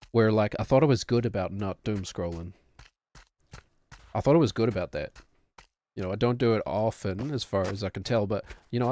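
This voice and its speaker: A man's voice: fairly low pitch, a little mellow. A man streaming a game, chatting in a rambling, self-deprecating way. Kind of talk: casual chat while gaming.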